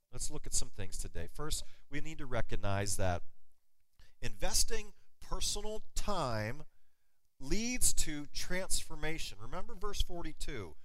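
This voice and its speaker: A middle-aged man preaching a sermon as pastor, telling stories and slowing down to stress key words. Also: a little high, no room sound, rough recording. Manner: animated storytelling preacher, slows for emphasis.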